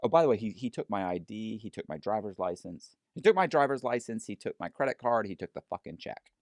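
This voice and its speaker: A middle-aged man telling a story as an interview guest, animated and profane, acting out other people's lines. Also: fairly low pitch, fast talker, dry recording.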